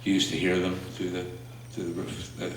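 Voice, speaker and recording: Reading his spoken word pieces to a small crowd, a man with a low, monotone voice halts slowly between poems, full of little fillers and restarts. The mic sits far off, the small room echoes strongly, and there's a little hiss or hum.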